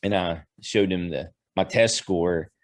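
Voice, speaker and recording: A man giving a heartfelt spoken tribute to his longtime pastor, halting and emotional. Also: low voice, no echo. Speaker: former church member giving a tribute.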